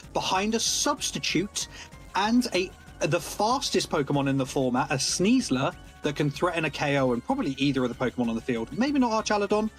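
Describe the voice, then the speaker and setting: A man giving live play-by-play commentary on a competitive game tournament, excitable and analytical. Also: fairly high pitch.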